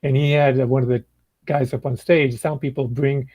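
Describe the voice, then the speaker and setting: A man's voice: mid-range voice, moderate pace, dry recording, low-quality recording. An older man, a blues musician, telling stories at an easy pace in a casual chat and acting out what others said. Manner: relaxed storyteller who acts out dialogue. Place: indoor room.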